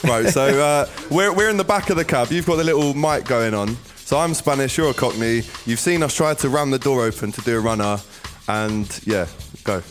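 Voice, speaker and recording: A man hosts a live studio show and briskly sets up improv scenes. His voice sits at a middle pitch. Soft music plays behind. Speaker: host. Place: London studio.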